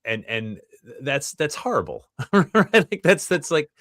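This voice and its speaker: A man's voice: fairly high pitch, big pitch swings, a little slow, fairly bright tone, dry recording, clean studio sound. A middle-aged man, a guest author, chatting casually on a podcast and often laughing as he talks.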